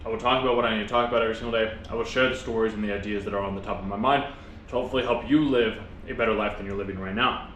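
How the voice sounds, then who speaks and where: A man talks quickly through a casual motivational vlog, chewing and speaking with his mouth full. His delivery is earnest and rambling, full of restarts, at an ordinary pitch. The room is echoey, with faint background noise. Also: fairly even intonation, fairly bright tone. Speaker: vlogger.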